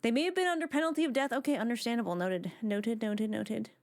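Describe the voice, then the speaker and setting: A woman chats casually with her live-stream audience in a fairly high voice. She is excitable and rambles, with lots of filler words. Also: quick pace.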